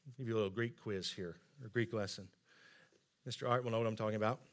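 A middle-aged man preaching a sermon, earnest and emphatic, often dropping to soft asides. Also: lowish voice, fairly even intonation, fast. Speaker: pastor.

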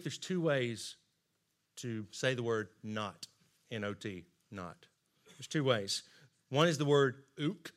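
A middle-aged man preaching a sermon, earnest and emphatic, often dropping to soft asides. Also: mid-range voice. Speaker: pastor.

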